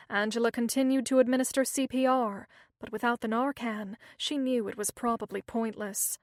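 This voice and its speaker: A woman narrating a thriller audiobook in a steady, measured reading. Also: fairly high pitch, no echo, clean studio sound. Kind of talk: scripted narration.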